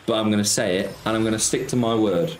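A slots streamer with a lowish voice talks fast while hosting a casual live stream, chatting with viewers and answering their comments. The sound is roomy, with faint music in the background.

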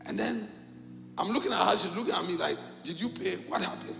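A middle-aged pastor from Cameroon, preaching a sermon and telling a story with animated, acted-out dialogue in a gravelly voice. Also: male voice, sits high, a little fast, soft background music. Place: church hall. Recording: echoey church hall.

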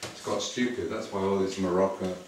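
A man's voice: sits low, level tone, a little fast. A man ranting to the camera, full of profanity. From England. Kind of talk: monologue to camera. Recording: echoey room, far from mic, noisy.

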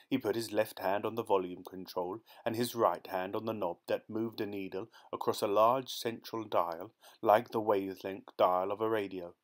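A man narrating a short story as an audiobook reader, in a steady, measured way. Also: lowish voice. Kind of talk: scripted narration.

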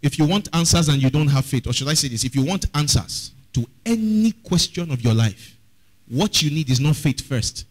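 Pastor guy preaching, highish voice, keeps asking the crowd stuff. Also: lively intonation, normal speed, rough recording. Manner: preaching with rhetorical questions to the congregation. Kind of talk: sermon.

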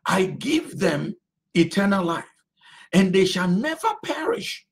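A man preaching as a pastor, his voice pitched high and ranging widely. He speaks slowly and deliberately, stretching out phrases and repeating them for emphasis. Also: sing-song. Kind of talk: sermon.

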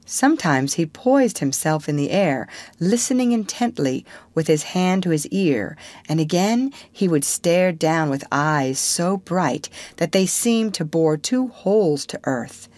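A woman reads a storybook aloud in a deep, well-varied voice. Her pace is slow and deliberate, each line shaped for learners to follow. The sound is close and dry. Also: dry recording. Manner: expressive, measured storytelling. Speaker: narrator. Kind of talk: storybook reading for English learners.

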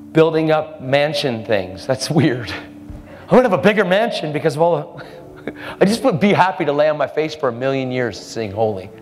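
A man delivers a storytelling sermon with animation, acting out the characters in his stories through sudden pitch jumps. The recording carries long hall reverb and faint music.

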